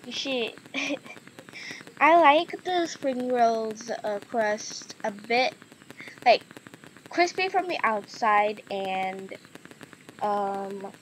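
A woman's voice: on the high side, slight background noise, rough recording. A woman chatting casually in a vlog, giggling often and easily amused. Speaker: gaming and eating vlogger.

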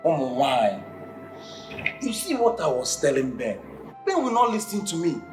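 A man's voice: a little high, wildly swooping pitch, moderate pace. An actor playing a gossiping, incredulous male friend in a film drama, with a Nigerian accent and pidgin exclamations. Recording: echoey room, faint music.

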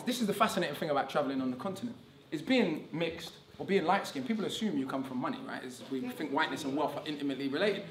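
A man giving an animated, conversational public talk at a conference, often checking in with the audience with "right?". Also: sits high. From England. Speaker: conference speaker. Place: conference hall. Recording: echoey hall.

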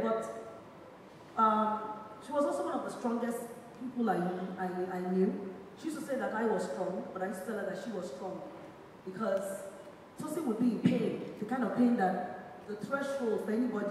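A Nigerian woman in her thirties speaks at a memorial, her voice sitting fairly high for a woman. She talks in a halting, rambling way, full of fillers and restarts. The sound is a long, echoey hall reverb, picked up from well off the mic with faint room noise behind. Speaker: bereaved sister giving a tribute. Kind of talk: spoken tribute at a memorial event. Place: large echoey event hall. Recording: echoey hall recorded from far off.

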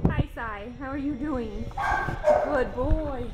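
A woman's voice: sits high, slow, very noisy. A woman volunteering at an animal shelter, filming the dogs and talking to them in cooing baby-talk. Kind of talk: casual vlog, talking to dogs. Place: indoor animal shelter kennels.

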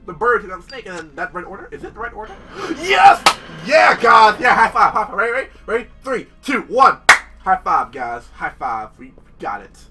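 A man giving casual, excitable commentary over his gameplay, shouting and squealing when something surprises or disgusts him. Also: high voice, fairly quick, distant mic, over loud music. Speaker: gaming video host. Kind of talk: casual let's-play commentary.

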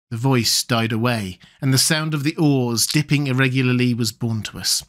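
Man narrating a horror story. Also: mid-range voice. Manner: measured, steady storytelling. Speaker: audiobook narrator.

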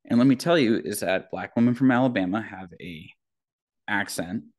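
A young man from North Florida talking in a casual podcast conversation, halting, with many filler words. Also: lowish voice, a little mellow. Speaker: podcast guest or host.

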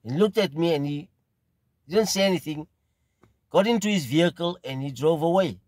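A middle-aged man from South Africa with a South African accent, telling a casual, rambling story at an unhurried pace and often repeating phrases. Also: on the high side, animated, darkish tone, dry recording. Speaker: pipe smoking video host.

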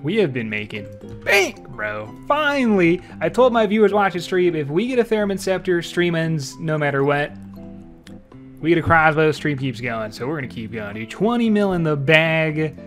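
Excitable young man commenting on gameplay. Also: a little high, moderate pace, faint music behind. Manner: excitable, trash-talking, swings from mutters to shouts. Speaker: streamer playing an online game.

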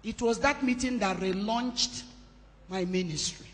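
A woman pastor, telling a personal story in a sermon with emphatic, changing loudness. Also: medium pitch, measured pace, slight background noise. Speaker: pastor hosting a women's conference. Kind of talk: sermon testimony. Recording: long hall reverb.

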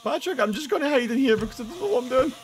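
A man's voice: very high voice, expressive, rapid-fire. A young man commentating a horror game, joking, swearing and yelping when startled. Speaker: gaming video host. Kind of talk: let's play commentary.

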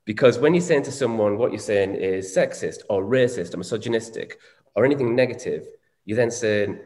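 A man's voice: lowish voice, brisk, darkish tone. A man, co-hosting a candid conversation, reflective and swearing casually. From Northern England. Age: 40s. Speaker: co-host. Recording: echoey room with long reverb.

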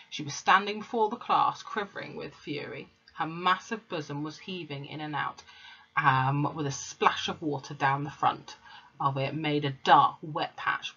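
A woman's voice: deep voice, a bit bright, breathy edge. A woman, a teacher, reading a children's book aloud to her class in a casual way, with fillers and corrected slips. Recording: dull lo-fi recording.

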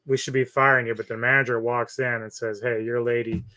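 A man's voice: medium pitch, level tone, fairly quick, bright, forceful tone, no room sound. A man casually retelling a film's plot as a co-host, loose and chatty, acting out lines from the film. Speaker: movie reviewer, co-host.

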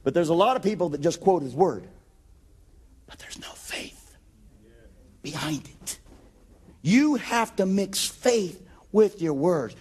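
A man preaching a sermon with rising passion, acting out Bible scenes and building to shouted declarations. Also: high-pitched, animated, measured pace, breathy edge. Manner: acts out Bible scenes in quoted voices.

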